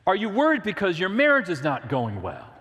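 A man's voice: high voice, wildly swooping pitch, brisk, fairly bright tone, big-room sound. A man preaching a sermon, earnest and direct, asking the listeners questions and reading scripture aloud. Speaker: pastor.

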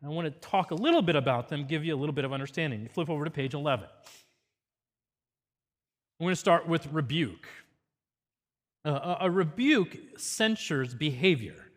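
A man's voice: fairly high pitch, animated, moderate pace, pauses often, long reverb tail. A man giving an earnest, teacherly parenting seminar with a faith focus.

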